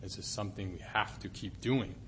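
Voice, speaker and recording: A man's voice: fairly low pitch, fairly quick, a bit bright, a little hiss or hum. A man preaching a sermon in a conversational way, asking the listeners questions and reading scripture. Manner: conversational, asks the audience questions.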